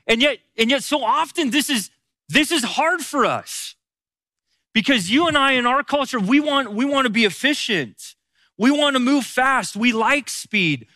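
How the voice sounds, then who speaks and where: A man's voice: sits high, bright, forceful tone, dry recording, studio quality. A man giving a conversational Bible teaching as a pastor, repeating key phrases for emphasis.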